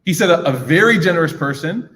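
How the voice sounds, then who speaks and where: A man's voice: a little high, animated, quick pace, a bit bright. A man teaching a young audience in a casual, joking way, acting out little scenes as he talks, recorded in a large echoing hall. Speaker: religious teacher. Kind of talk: lively talk to a young audience. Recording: echoey hall reverb.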